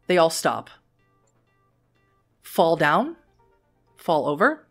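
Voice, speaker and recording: A woman's voice: low voice, a bit bright. A woman running a tabletop game as game master, narrating events and explaining rules in a matter-of-fact way.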